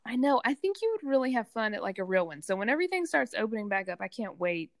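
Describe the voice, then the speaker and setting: A woman chatting casually as a co-host, full of "like" and quick laughs. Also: a little high, sing-song, no room sound, studio quality. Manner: chatty, laughs often, lots of "like". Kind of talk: casual chat.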